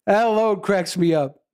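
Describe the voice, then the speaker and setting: A man's voice: high-pitched, a little mellow, clear, resonant tone, dry recording, studio quality. A male musician chatting casually with his livestream viewers, rambling, laughing often and swearing freely.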